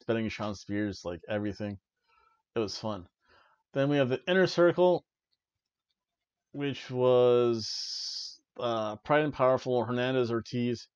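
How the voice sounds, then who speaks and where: A man casually reviewing wrestling as a podcast co-host, with an enthusiastic, rambling delivery full of restarts. His pitch sits in the ordinary middle range. The recording is dry and a bit dull. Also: dry recording. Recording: dry, slightly muffled home recording.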